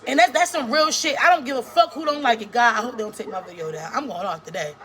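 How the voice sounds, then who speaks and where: A woman's voice: a little high, quick pace, a bit bright. A woman in her thirties, a small-time YouTuber, ranting to her viewers in a blunt, profane vlog full of restarts. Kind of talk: casual vlog rant to camera.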